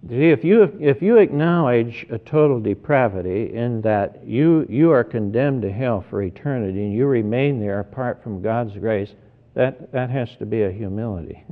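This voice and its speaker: A man preaching a sermon in an earnest, deliberate way, often repeating words as he stresses each point. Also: mid-range voice, expressive. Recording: tinny phone-like sermon recording.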